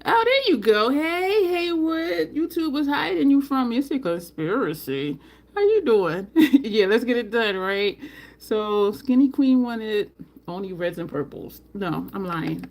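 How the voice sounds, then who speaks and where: A woman hosting a casual makeup livestream, chatting with viewers by name and jumping up in pitch when she gets excited. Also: a little hiss or hum.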